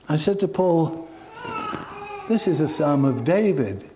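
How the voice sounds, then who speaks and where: A man's voice: fairly high pitch, animated, slow pace, pauses often, mellow. A man preaching a sermon, telling stories in an earnest, heartfelt way.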